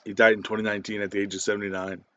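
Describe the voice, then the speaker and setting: A man's voice: fairly low pitch, level tone, very fast, pushed and bright, highs cut off. A man giving a casual spoken movie review, rambling with many fillers, restarts and casual swearing.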